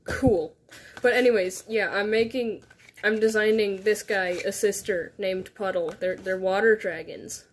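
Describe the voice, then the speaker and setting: A woman's voice: mid-range voice, fairly even intonation, a little slow. A woman chatting casually on a livestream, rambling and giggling in a self-deprecating way, speaking from her bedroom into a phone on a tripod. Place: her bedroom, on a beanbag chair.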